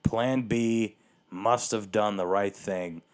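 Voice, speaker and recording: A man with a lowish voice rambles through a solo podcast rant, sarcastic and profane. He restarts sentences, leans on fillers, and has the hiccups. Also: steady tone, slow. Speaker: podcast host.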